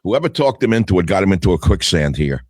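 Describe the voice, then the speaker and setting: A man's voice: sits low, very animated, fast talker, a little mellow, no echo. An older man hosting a talk radio show, reading headlines aloud and answering each with sarcastic, scornful asides.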